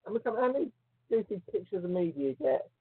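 A man co-hosting a casual chat show, teasing and joking in an animated way. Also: high voice, fast, slightly rough, no room sound. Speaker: podcast co-host. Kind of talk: casual banter. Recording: phone-like lo-fi line.

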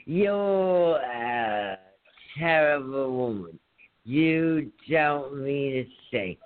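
A man voicing a moody, lovesick man who reads out his bad love poems slowly and earnestly. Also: mid-range voice, expressive. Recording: phone-like narrow sound.

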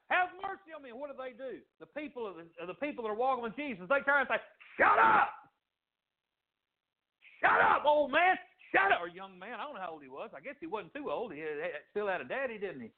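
A man preaching a sermon, swinging his pitch dramatically and acting out the voices of the people he quotes. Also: sing-song, fast. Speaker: pastor. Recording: tinny phone-like sound.

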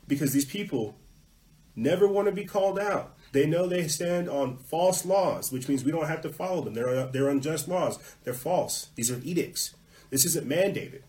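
A man hosting a political podcast, ranting heatedly, muttering asides then hitting words loudly, with some swearing. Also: fairly high pitch, expressive, moderate pace, poor audio. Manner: heated, ranting, swings between muttering and loud emphasis; profane at peaks. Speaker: podcast host.

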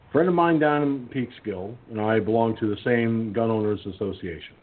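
On a relaxed call-in radio show, the host spins a wandering tale, stopping and restarting, padding with fillers and voicing his friends' words. He has a lowish voice at a moderate pace, heard through thin phone-line sound.

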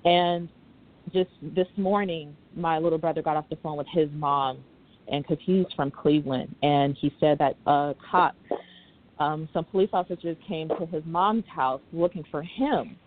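A woman's voice: low-pitched, a little hiss or hum. Tearful young woman on a phone line. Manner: halting, fighting back tears. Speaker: caller. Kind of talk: emotional call-in.

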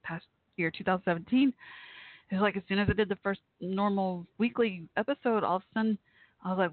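A talk show host chatting casually on an online radio show, reacting excitedly with gasps and exclamations. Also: medium pitch, fairly quick, dry recording. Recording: dry, phone-like line.

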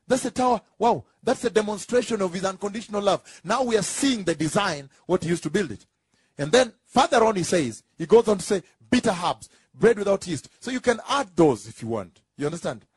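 Husky high-voiced man preaching a sermon. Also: no room sound, studio quality. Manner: emphatic and repetitive, rising into drawn-out shouts; asks the congregation for confirmation.

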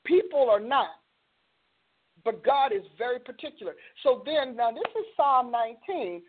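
A woman hosting a religious talk show, speaking with an animated, preacher-like cadence. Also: fairly high pitch, moderate pace, breathy edge. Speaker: host. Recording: phone-like band-limited audio.

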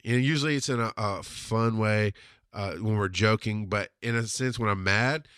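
A man's voice: on the low side, normal speed, fairly bright tone, clear, resonant tone, no echo, studio quality. A man in his thirties hosting a podcast, telling personal stories in a blunt, profane, emphatic way. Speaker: podcast host. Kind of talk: casual storytelling monologue.

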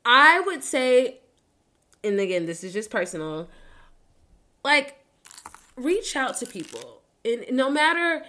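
A woman's voice: on the high side, pushed and bright. A young woman hosting a casual solo podcast, talking candidly, swearing freely and laughing between serious moments. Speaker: podcast host.

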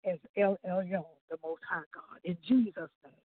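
A woman hosting a gospel radio show, leading a fervent prayer with a preacher's cadence and drawn-out phrases. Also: fairly low pitch, dry recording. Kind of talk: spoken prayer on air. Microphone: phone call-in. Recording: tinny phone line.

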